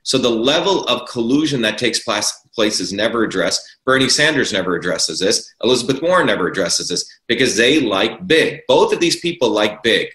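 A man's voice: medium pitch, animated, normal speed, hardly any pauses, a bit bright. Emphatic man in a roomy echo. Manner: emphatic, repeats key words for stress. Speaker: interview guest. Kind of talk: political argument in an interview.

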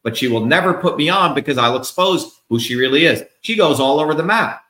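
A man's voice: a little high, expressive, fairly quick, sharp tone, reverberant. A man being interviewed as a political candidate, ranting in a combative, profane, emphatic way. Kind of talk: heated interview rant.

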